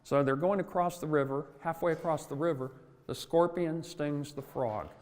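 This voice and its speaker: A man's voice: on the high side, normal speed, a little mellow, big-room sound. An older man giving a motivational talk on workplace culture, telling stories in a folksy way with asides.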